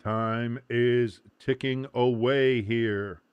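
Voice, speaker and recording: A man's voice: mid-range voice, steady tone, very slow, clear, resonant tone, dry recording, highs cut off. A man hosting a watch-along stream, calling a soccer match live with loose, joking, profane chatter. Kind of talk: casual live game commentary.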